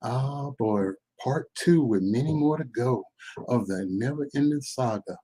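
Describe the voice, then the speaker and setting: A man hosting a live commentary stream in a casual, animated way, with churchy exclamations and repeated phrases. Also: mid-range voice, unhurried, breathy edge.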